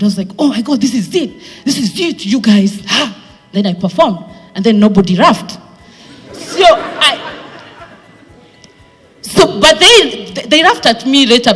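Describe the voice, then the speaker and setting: A Kenyan woman, speaking English with a Kenyan accent, tells her career story to a live audience. She is animated, slips into Swahili and acts out what others said. Her voice rings through a reverberant event hall over faint background music. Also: a little high, husky.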